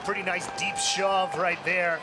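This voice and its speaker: A man doing live race commentary outdoors, reading lineups and calling the action brisk. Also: high-pitched, steady tone. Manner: reads team lineups, brisk play-by-play. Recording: outdoor crowd noise.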